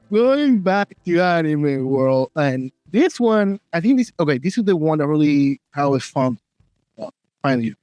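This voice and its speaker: Host guy, spanish is his first language, kinda high voice, dry mic, choppy phrasing. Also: sing-song, darkish tone, clear, resonant tone, no room sound, highs cut off, faint music behind. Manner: halting non-native phrasing with broken sentences. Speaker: interview host. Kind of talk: casual interview.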